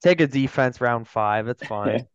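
A man lays out his betting picks plainly and without fuss. His voice is smooth and clear, recorded dry and a little dull. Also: medium pitch, a little slow, dry recording. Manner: matter-of-fact, listing picks. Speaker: podcast co-host. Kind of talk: casual sports betting chat. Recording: dry, slightly dull mic.

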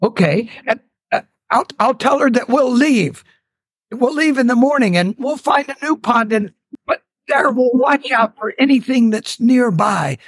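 A man's voice: very high voice, animated, a little slow, a bit bright, slightly rough, no echo, pitched above the performer's own voice, heavily acted. A man voicing a large male elephant king who is humbled and sorry, talking hesitantly with stammering apologies. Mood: worried.

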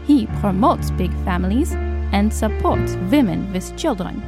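A woman voicing a small, fearless church sister who speaks with calm, firm authority. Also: mid-range voice, moderate pace, over music, lightly acted. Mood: stern. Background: cinematic score.

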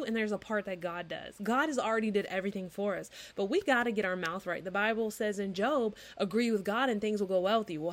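A woman in her thirties preaching in a casual, chatty way, earnest and animated as she acts out little dialogues. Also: mid-range voice. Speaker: Christian podcast host. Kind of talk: informal preaching monologue.

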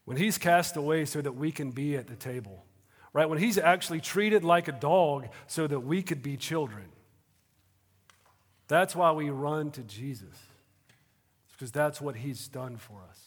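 A man preaching a sermon in a conversational way, moving between hushed moments and animated bursts. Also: on the high side, normal speed. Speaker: pastor. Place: auditorium. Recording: reverberant auditorium.

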